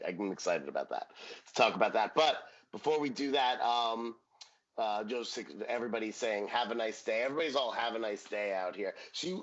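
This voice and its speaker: A man's voice: mid-range voice, a bit bright, muffled recording. A man co-hosting a podcast, chatting casually and jokingly about a sitcom episode and swearing now and then. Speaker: podcast co-host. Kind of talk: casual chat recapping a sitcom.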